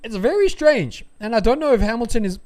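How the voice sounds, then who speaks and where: A man giving excited live race commentary, rambling with fillers and breaking into loud cheers. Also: extremely high pitch, fairly quick.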